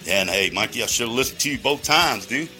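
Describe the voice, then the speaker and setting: A man rambles through a profanity-laden monologue, calling out to his listeners and wandering between tangents. His voice is bright and sharp at a middling pitch. Faint music plays behind him. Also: lively intonation, fairly quick. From Texas. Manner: heavy swearing, rambling tangents, addresses listeners directly.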